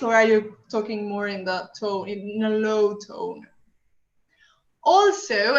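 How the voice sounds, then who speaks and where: A woman's voice: on the high side, fairly bright tone. A woman teaching a workshop in a chatty, explaining way, with many fillers. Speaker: workshop instructor. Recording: echoey, dull lo-fi sound.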